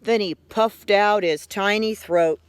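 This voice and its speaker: A woman reading a children's story aloud, expressive and unhurried, in a quiet room. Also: medium pitch, a little hiss or hum. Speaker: reader.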